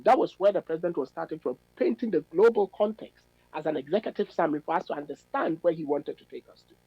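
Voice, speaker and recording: A middle-aged academic man, giving measured, analytical radio interview answers with emphatic stresses. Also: high-pitched, a little mellow, no echo, dull audio. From Ghana. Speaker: policy fellow and academic guest.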